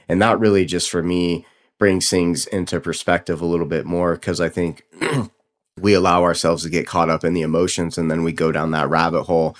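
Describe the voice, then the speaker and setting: Male podcast host, low-pitched, casual solo motivational talk, blunt and unfiltered. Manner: casual, candid, swears freely.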